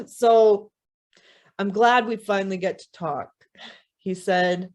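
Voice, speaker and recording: A woman's voice: mid-range voice, takes it slowly, pauses often, darkish tone. A woman guest speaker telling a story during a talk, casual and conversational with frequent "you know"s and light laughs.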